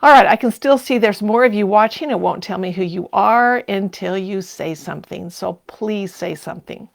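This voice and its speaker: An older woman hosts a sewing livestream in a gravelly, mid-range voice at a moderate pace. She chats casually, laughs often and reads viewer comments aloud.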